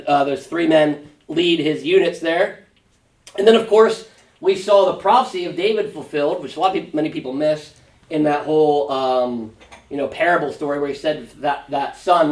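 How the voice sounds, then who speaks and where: A man with a fairly high voice leads a church Bible study, chatty and full of rhetorical questions. He sounds a little away from the mic, in a room with a lot of echo. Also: far from the mic. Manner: conversational, uses rhetorical questions and fillers. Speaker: pastor teaching Bible study. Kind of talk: Sunday school Bible teaching. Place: church classroom.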